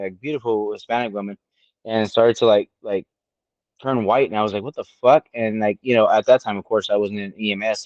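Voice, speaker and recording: This podcast co-host, a man in his late thirties, speaks in a lowish voice as he swaps profanity-laced stories from his own life and mimics what others said in a lively way. There's no room sound, and the audio is lo-fi.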